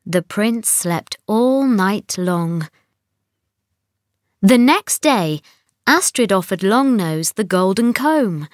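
A woman reading a children's storybook aloud as a bedtime story, in an expressive way. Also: medium pitch, slow, no room sound, clean studio sound. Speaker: storybook reader.

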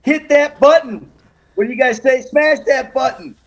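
A man's voice: very high-pitched, moderate pace. A man chatting with a streamer over a call, teasing him and laughing easily. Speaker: guest on a call. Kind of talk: casual chat.

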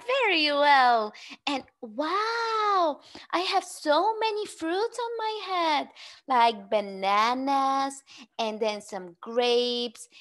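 High sing-song woman teaching little kids. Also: a bit bright. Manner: exaggerated, cheerful, slow and clearly spoken for young learners. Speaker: English teacher for young children. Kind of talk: sing-song lesson talk to small children.

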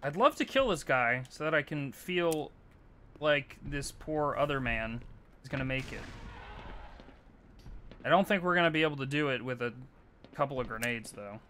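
A man giving chatty, excitable live commentary while streaming a video game, swearing casually. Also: mid-range voice, moderate pace, pauses often, a little hiss or hum.

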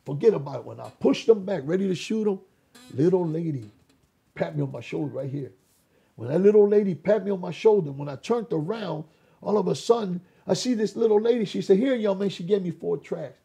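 An older man with a very raspy voice, giving an animated personal testimony as an interview guest, acting out dialogue and restarting his sentences often. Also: high-pitched, a little fast. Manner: re-enacts dialogue, repeats words and restarts often. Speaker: interview guest, former gang leader.

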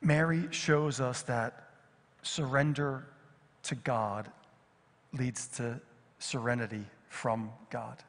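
A middle-aged man preaching a sermon as pastor, swinging from lively emphasis to hushed, near-whispered repetitions. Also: mid-range voice, takes it slowly, pauses often. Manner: dynamic, drops to near whisper on repeated phrases. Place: church sanctuary. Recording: long reverb of a church hall.

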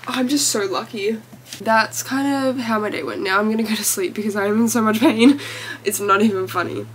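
A woman's voice: medium pitch, brisk, slight background noise. A young woman talking casually to camera at home as a vlogger, chatty and gushing with lots of fillers. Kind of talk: casual vlog chat.

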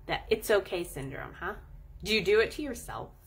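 A woman talking casually to her audience about pets, animated and playful, stretching out words for emphasis. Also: medium pitch, normal speed, husky. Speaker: animal chiropractor and channel host. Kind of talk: casual coaching talk to camera.

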